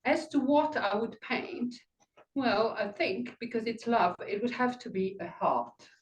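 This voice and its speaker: An older woman giving an impromptu speech at a club meeting, thoughtful and rambling, pausing to find her words. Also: a little high, lively intonation, echoey room, poor audio. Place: meeting room.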